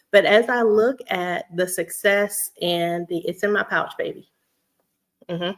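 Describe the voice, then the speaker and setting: A woman's voice: lowish voice, unhurried. Chatty woman vlogger. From Houston, Texas. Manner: chatty, laughs often, talks straight to her audience. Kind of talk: casual chat to viewers.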